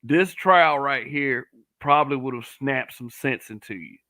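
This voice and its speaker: Blunt man, bright voice. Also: mid-range voice, unhurried. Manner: blunt and profane, many restarts and stammers. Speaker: commentator. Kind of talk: casual commentary to camera.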